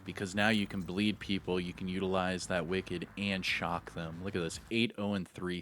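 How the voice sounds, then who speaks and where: A man's voice: low-pitched, normal speed, hardly any pauses, a bit bright. A man giving live, hyped, slangy commentary over his own gameplay, talking to himself as he plays. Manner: hyped, slangy, talks to himself while playing. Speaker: gaming YouTuber.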